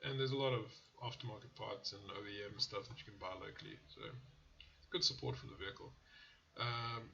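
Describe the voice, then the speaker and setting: A man's voice: lowish voice, a little fast, pushed and bright, dull audio, slight background noise. A man hosting a car channel, casually reviewing car ads in a blunt, profane way that often turns into rants. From South Africa.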